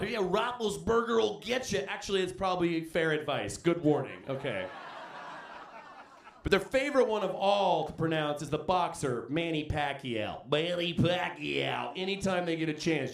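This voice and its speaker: A male comedian works the stage with a fairly high, gravelly voice, bouncing between his own delivery and exaggerated put-on voices. The room is roomy and echoey. The audience laughs along behind him. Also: moderate pace. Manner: animated, switches into exaggerated voices. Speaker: stand-up comedian. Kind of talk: stand-up comedy set. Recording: roomy club sound.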